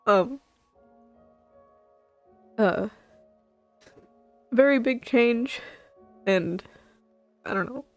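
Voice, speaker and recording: A woman streaming to her chat, tearful and halting, rambling with nervous laughs between her words. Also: a little high, soft background music. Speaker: VTuber streamer. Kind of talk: emotional livestream talk to chat.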